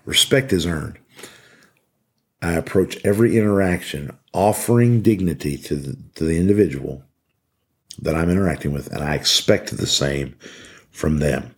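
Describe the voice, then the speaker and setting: A man's voice: deep voice, moderate pace, husky. A middle-aged man giving an earnest, emphatic motivational talk to fellow officers, repeating his key phrases. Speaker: podcast host speaking to corrections officers.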